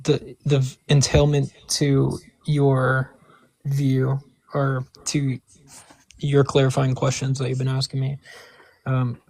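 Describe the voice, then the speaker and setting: A man debating on a call, speaking hesitantly and softly in wordy, careful phrasing. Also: mid-range voice, completely flat delivery, slow pace, vocal fry, no echo, rough recording. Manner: hesitant, wordy, soft-spoken. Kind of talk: online debate. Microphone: call mic.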